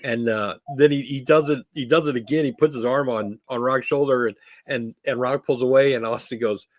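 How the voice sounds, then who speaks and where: A man co-hosting a podcast, telling wrestling stories in an animated way and laughing often. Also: medium pitch, a little fast, dry recording. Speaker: podcast co-host. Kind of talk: casual wrestling chat.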